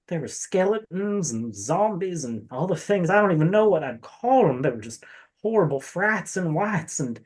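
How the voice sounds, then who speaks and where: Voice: medium pitch, pitched above the performer's own voice. A game master voicing a nervous, overwhelmed male cleric who stammers and drawls in a put-on accent. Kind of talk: tabletop game role-play.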